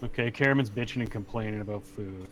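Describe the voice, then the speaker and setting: A man's voice: lowish voice, fairly bright tone, slight background noise. Casual game master man. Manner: casual, swears, voices characters in quick asides. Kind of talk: narrating a tabletop game.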